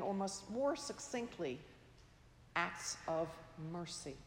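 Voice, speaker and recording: A woman preaching a sermon in a slow, measured, reflective way, her phrase endings trailing off softly. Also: medium pitch, slight background noise. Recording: echoey hall, long reverb.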